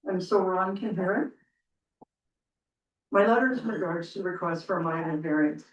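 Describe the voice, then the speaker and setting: A woman's voice: on the low side, normal speed. Emotional woman near tears at a council meeting. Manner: earnest, repetitive, pleading. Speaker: resident speaking at council. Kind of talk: emotional public comment. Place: council chamber. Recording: distant, roomy and dull public meeting recording.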